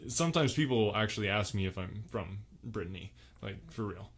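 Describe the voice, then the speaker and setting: A man's voice: lowish voice, expressive, a little fast, husky. A man hosting a comedy podcast sketch, boastful and self-satisfied, rambling with lots of filler words. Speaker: podcast host.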